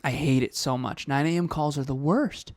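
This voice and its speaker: A man's voice: a little high, moderate pace, a little mellow, no room sound, studio quality. A man co-hosting a podcast in casual motivational chat, emphatic and fond of repeating key phrases. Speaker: podcast co-host.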